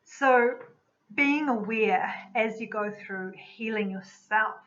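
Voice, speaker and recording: A woman who works as an energy medicine practitioner, giving a spoken teaching talk in a calm, reflective, unhurried way. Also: a little high. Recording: slightly dull lo-fi recording.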